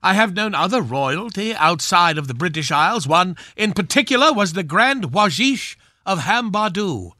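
In an exaggerated, high-pitched voice with a sharp tone, a man portrays a pompous, aging film swashbuckler with a knighthood, appearing as a guest on a radio comedy bit. His delivery is grand, theatrical, and drawn out, captured in clean studio sound with no echo.

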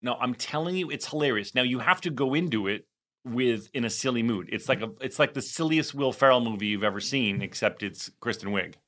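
A man's voice: mid-range voice, animated, fairly quick, a bit bright. A man co-hosting a podcast, chatting casually with a caller, laughing often and restarting sentences. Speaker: podcast co-host. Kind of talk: casual chat.

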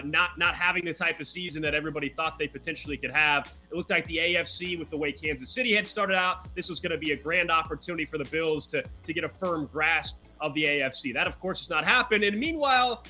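A man's voice: sits high, sharp tone, rough recording. A man hosting a sports betting show, talking football in a loose, chatty way with frequent restarts. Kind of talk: casual sports talk.

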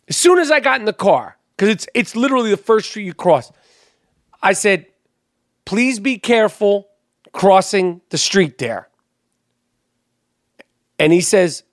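A man's voice: high voice, no room sound, studio quality. A man hosting a podcast, telling stories in casual chat, heated and full of swearing. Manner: profane, heated storytelling. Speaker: podcast host.

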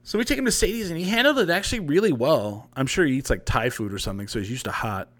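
A man's voice: fairly high pitch, fast talker. A young man hosting a podcast livestream, telling a long story in a rambling, profane, casual way. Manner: rambling, profane, animated retelling. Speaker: podcast host.

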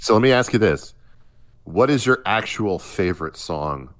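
A man with a very low, deep voice talks through a casual music conversation. He circles his points with fillers and repeated starts, sounding relaxed and unscripted. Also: normal speed. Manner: hesitant, many restarts and fillers. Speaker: podcast co-host.

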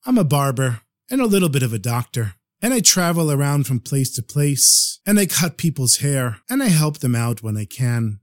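A man's voice: medium pitch, big pitch swings, moderate pace, hardly any pauses, no echo, clean studio sound, close to an everyday voice. A man voicing a humble wandering barber. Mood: modest. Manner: plain, modest and self-effacing. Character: humble wandering male barber, simple and modest.

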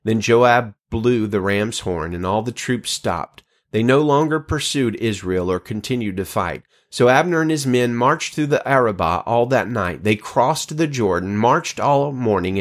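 A man reading Bible passages aloud in a measured, steady voice, lifting his pitch for quoted speech. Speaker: scripture reader.

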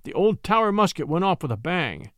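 Expressive male storybook narrator. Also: high-pitched, fairly quick, no room sound. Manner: expressive, acts out the voices.

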